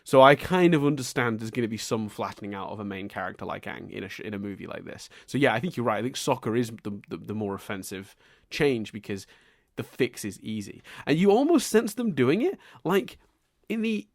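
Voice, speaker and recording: A man co-hosting a casual podcast, animated and laughing often as he acts out his exasperated reactions. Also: on the low side, a little fast, dry recording, clean studio sound. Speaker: podcast co-host.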